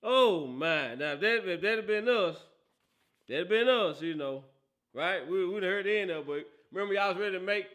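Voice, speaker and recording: A man's voice: high-pitched, lively intonation, moderate pace, a bit bright. A man hosting a casual football talk show, teasing and laughing often, with a habit of asking "right?". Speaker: host.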